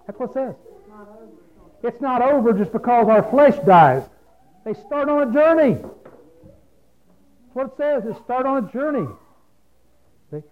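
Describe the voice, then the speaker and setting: A man's voice: extremely high pitch, animated, unhurried, pauses often. A man preaching a folksy, plain-spoken sermon, often asking his listeners questions. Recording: phone-like lo-fi radio broadcast.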